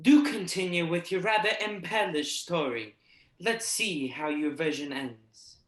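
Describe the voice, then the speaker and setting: Young woman as a wry king, lowish voice, lively, echoey. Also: measured pace, lightly acted. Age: young adult. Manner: dry, wry. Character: dry, skeptical king at a feast.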